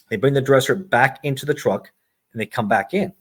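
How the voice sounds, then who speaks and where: A man's voice: mid-range voice, breathy edge. A middle-aged man, a retired federal agent, telling stories as a podcast guest and acting out the dialogue he quotes. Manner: brisk storyteller who acts out quoted dialogue. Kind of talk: storytelling in a podcast interview.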